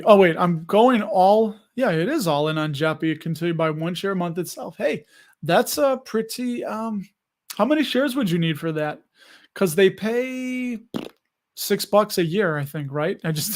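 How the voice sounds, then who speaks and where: A man hosting a casual livestream, reading viewer comments and chatting loosely with frequent laughs. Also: high voice. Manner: chatty, laughs often, self-deprecating. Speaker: livestream host reading chat. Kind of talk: casual live chat.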